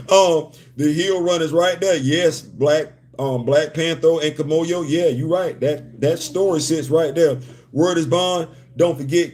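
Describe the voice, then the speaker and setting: A man's voice: on the high side, a little mellow. A man hosting a casual livestream chat from a hotel room, joking and repeating his phrases. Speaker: host.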